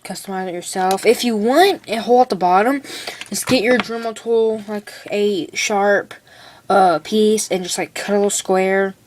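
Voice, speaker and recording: A teenage girl talks her way through a hands-on build in a loose, rambling way, tossing in "like" and "okay" as she goes. Her voice sits at an ordinary middle pitch. The home recording carries clear background noise. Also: normal speed. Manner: rambling, chatty, full of "like" and "okay". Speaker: hobbyist showing a build. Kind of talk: casual how-to demonstration. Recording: noisy home video recording.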